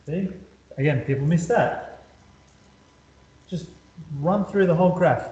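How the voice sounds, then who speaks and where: A man's voice: fairly high pitch, moderate pace, pauses often, dark tone. Chatty male maths tutor, roomy sound. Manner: chatty, repetitive, talks students through steps. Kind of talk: casual whiteboard lesson. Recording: roomy echo, slightly dull lo-fi sound.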